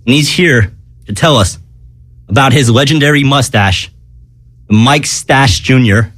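A man hosting a comedic radio-style podcast, hyper and rambling, breaking into high sung jingles. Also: a little slow, pauses often, fairly bright tone, dry recording. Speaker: podcast host.

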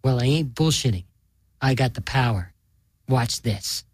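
A man reading an audiobook, voicing a foul-mouthed, furious undead old aunt who shouts, threatens and brags in a coarse way. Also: medium pitch, animated, unhurried, slightly rough, no room sound, poor audio. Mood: menacing.

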